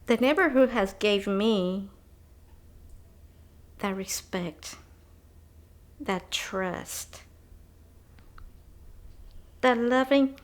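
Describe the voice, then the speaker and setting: Woman interviewee who talks slowly, joking and chatty, with Spanish words mixed in. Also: mid-range voice. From North Side of Houston, USA. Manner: chatty, humorous, mixes in Spanish phrases. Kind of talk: personal oral-history account.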